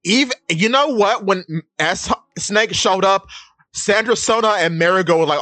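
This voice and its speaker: A man co-hosting a podcast in casual chat, animated, often acting out characters' lines. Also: high voice, moderate pace, no room sound, faint music behind. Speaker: podcast co-host. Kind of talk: casual chat about anime.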